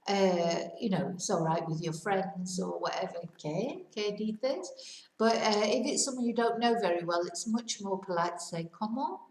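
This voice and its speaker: A middle-aged woman giving a casual, rambling lesson, slowing down to model Spanish phrases for learners. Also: mid-range voice, echoey room, distant mic, poor audio. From United Kingdom. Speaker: Spanish teacher.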